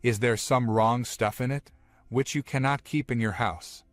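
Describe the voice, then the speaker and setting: A man's voice: medium pitch, steady tone, unhurried, dry recording, soft background music, lightly acted. A man voicing a naive, confused old grandfather in a recap of a comic story, reading the lines plainly with pleading questions. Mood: puzzled.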